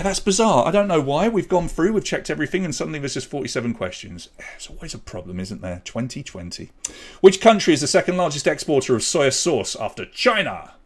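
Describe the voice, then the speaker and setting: A chatty man hosts a live online pub quiz, reading out questions and scores with easy banter. His voice sits at an ordinary middle pitch, and he cracks little jokes along the way. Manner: chatty, jokey, reads out scores. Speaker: quiz host.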